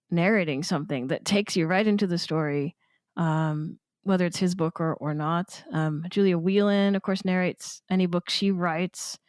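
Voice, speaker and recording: Woman cohost chatting about audiobooks, lowish voice, lots of ums and laughs, dry sound. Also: darkish tone, no room sound. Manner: chatty, hesitant, laughs often. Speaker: podcast co-host. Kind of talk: casual panel discussion.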